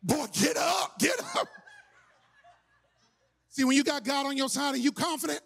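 A man preaching a sermon as pastor, telling a story with shouting, playful energy. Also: very high voice, normal speed, gravelly. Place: church sanctuary.

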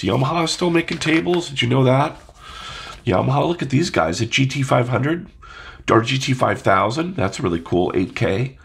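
A man's voice: medium pitch, creaky, background noise. A man with a stuffed-up nose talking casually to camera, musing and asking his viewers questions. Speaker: audio vlogger.

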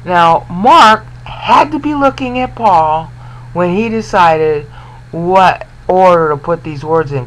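A man giving an informal Bible lesson, explaining and pausing to ask the listener questions. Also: a little high, low-quality recording. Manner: explanatory, repeats and restarts words, asks listener questions. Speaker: Bible teacher.

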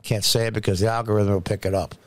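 A man's voice: lowish voice, steady tone, quick pace, dry recording. Scornful male commentator, dry close voice. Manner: scornful, sarcastic, repeats words for emphasis. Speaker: political commentary host. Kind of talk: opinionated political commentary.

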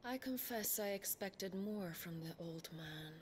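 An actress voicing a proud, scornful woman warrior in a video game, speaking in a cold, measured, taunting way. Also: medium pitch, lively intonation, a little hiss or hum, natural voice.

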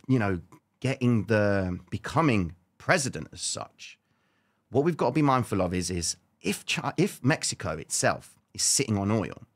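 A man hosting casual market commentary, addressing viewers as ladies and gentlemen with informal slang and frequent check-ins. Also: medium pitch.

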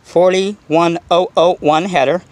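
A man's voice: high voice, fairly even intonation, takes it slowly, no room sound, poor audio. A middle-aged man hosting a casual RC car vlog, rambling with lots of "you know" and repeating himself. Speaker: RC car vlogger.

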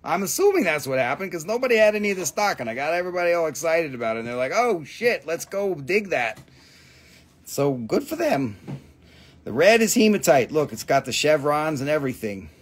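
A man's voice: on the high side, very animated, fast. Chatty man selling crystals on a live stream. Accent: Appalachian. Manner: loose, chatty, swears casually, reads out prices and buyer numbers. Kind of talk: casual live sales stream.

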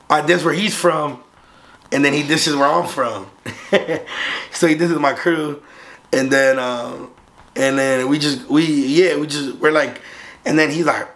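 A young man from Southern California casually telling a story as a vlogger, swearing freely and acting out the voices of the others in it. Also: medium pitch. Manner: profane, animated, acts out the other voices.

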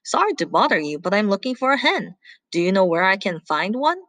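A woman's voice: mid-range voice, big pitch swings, fairly quick, fairly bright tone, dry recording. A woman voicing a small, naive young male wolf who speaks politely and eagerly. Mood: innocent.

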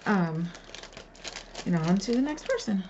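A woman's voice: medium pitch, sing-song, unhurried, darkish tone, lo-fi sound, slight background noise. A woman casually showing off handmade crafts in an unboxing vlog, gushing and muttering little asides as she handles the pieces. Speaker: crafter revealing a card swap.

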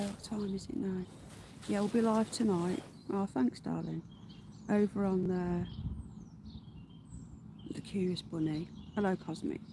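A woman with a mid-range voice hosts a casual livestream outdoors in her garden, with noise in the background. She chats with viewers, greets them by name, and swears offhandedly.

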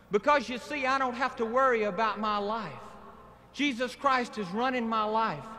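A Southern man with a high, bright voice gives an earnest testimony in a plain-spoken preaching cadence. His words ring out with long stadium reverb on an old archival live recording, over a faint hiss. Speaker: guest speaker giving testimony. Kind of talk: evangelistic testimony speech. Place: outdoor stadium rally.

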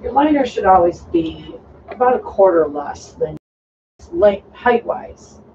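A host giving a casual, step-by-step sewing tutorial, explaining calmly while cutting fabric. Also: medium pitch, a little hiss or hum. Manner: relaxed, instructive, talking while cutting fabric. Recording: distant dull lo-fi sound with faint room ambience.

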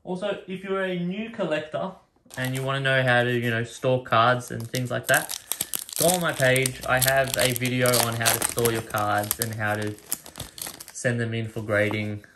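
A man casually opens card packs, reading each card's name aloud one by one and getting excited over the rare pulls. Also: mid-range voice, a little hiss or hum. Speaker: card collector opening packs. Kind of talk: casual pack-opening commentary. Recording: card and wrapper rustling behind voice.

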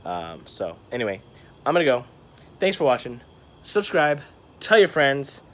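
A man's voice: mid-range voice, sing-song, moderate pace, a little hiss or hum. A young man telling a story to his vlog camera, rambling, with lots of "like" and "um". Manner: rambling, filler-heavy storytelling. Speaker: vlogger. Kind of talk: casual vlog monologue.

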